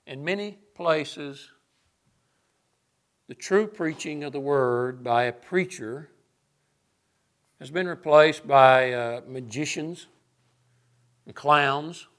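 A man's voice: on the high side, slow, long pauses, a bit bright. A man preaching a sermon, emphatic and sarcastic, building his points through lists.

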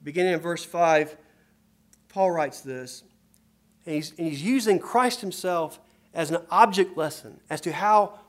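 A man preaching a sermon, moving between hushed storytelling and loud, emphatic passages as he quotes scripture. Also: fairly high pitch.

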